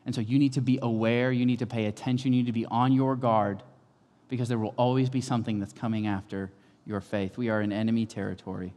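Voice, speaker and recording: A male pastor in his thirties preaching a sermon, with lively storytelling that swings from calm to loud. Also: lowish voice. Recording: long hall reverb.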